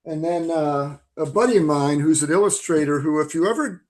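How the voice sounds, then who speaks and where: Lively man in his sixties telling stories. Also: a little high, fairly quick. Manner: lively, animated storyteller. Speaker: filmmaker guest. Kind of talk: storytelling interview answers.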